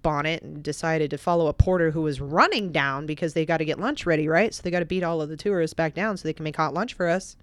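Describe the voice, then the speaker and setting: A woman with a notably deep voice recounts a personal story as a podcast guest. She talks casually, sometimes lively and sometimes hushed and reflective. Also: fast talker, few pauses, no echo. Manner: animated, vivid storytelling that turns quiet and reflective.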